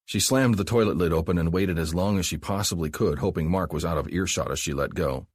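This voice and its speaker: A man narrating an audiobook in a calm, even storytelling manner. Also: low-pitched, a little fast, husky, no room sound. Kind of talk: scripted narration.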